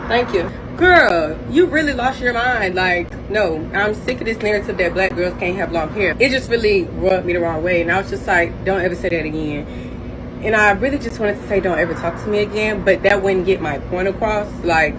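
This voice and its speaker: A woman telling a storytime vlog in a blunt, animated, indignant way. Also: medium pitch, a little fast, few pauses, noisy background.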